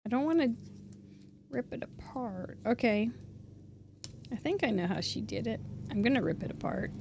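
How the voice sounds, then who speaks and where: A woman hosts a relaxed crafting show-and-tell, her voice sitting a little high. She talks things through aloud and lets many phrases fade off softly. A faint hum of room ambience sits under her voice. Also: moderate pace, vocal fry. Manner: chatty, thinks aloud, trails off softly. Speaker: crafting channel host.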